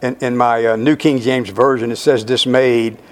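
A male pastor preaching slowly through a Bible passage, stressing key words and repeating lines for emphasis. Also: medium pitch, steady tone. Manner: slow, emphatic Bible exposition. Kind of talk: sermon.

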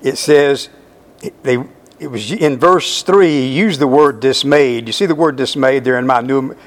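A male pastor preaching slowly through a Bible passage, stressing key words and repeating lines for emphasis. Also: mid-range voice. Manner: slow, emphatic Bible exposition. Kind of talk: sermon.

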